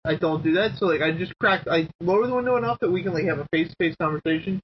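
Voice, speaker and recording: A man's voice: high-pitched, very fast. A man co-hosting a podcast, telling a story in casual chat, laid-back, laughing often and restarting his sentences. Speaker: podcast co-host. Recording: dull lo-fi podcast audio with faint hiss.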